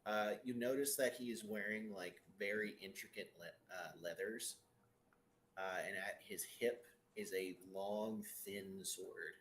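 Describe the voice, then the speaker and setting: A man's voice: fairly low pitch, a little slow, a bit bright, a little hiss or hum. A man narrating as game master in a loose, casual way, full of fillers.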